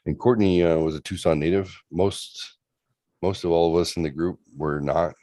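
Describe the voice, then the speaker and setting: A man's voice: sits low, fairly even intonation, normal speed, mellow, no echo. A man in his forties casually telling a long story on a livestream, loose and profane, with lots of rambling asides. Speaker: show host.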